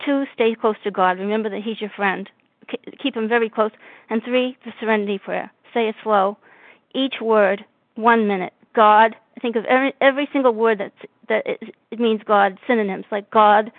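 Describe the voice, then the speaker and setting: A woman from north of Boston shares her story over a video call, stopping and restarting with plenty of fillers. Her voice has a gravelly edge. The audio is thin and phone-like, with no room sound. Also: medium pitch, no room sound. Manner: halting, frequent fillers and restarts. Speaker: meeting member sharing. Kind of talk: personal recovery share.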